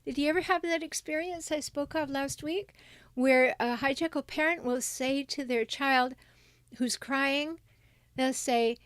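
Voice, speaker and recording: A woman's voice: high voice, unhurried, fairly bright tone, dry recording. A middle-aged woman hosting a livestream with relationship advice, speaking emphatically and reading viewer comments aloud.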